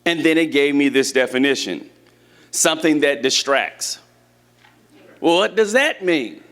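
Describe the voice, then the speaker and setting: A man's voice: fairly high pitch, animated, a little slow, fairly bright tone. A man preaching a sermon in a church, talking conversationally and asking the congregation questions. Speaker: church teacher.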